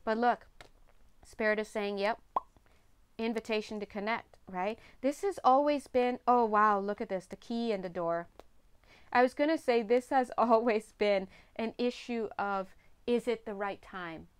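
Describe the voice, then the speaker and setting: A woman's voice: on the high side, unhurried, clear, resonant tone. A woman giving a chatty, casual tarot reading, laughing often. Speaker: tarot reader.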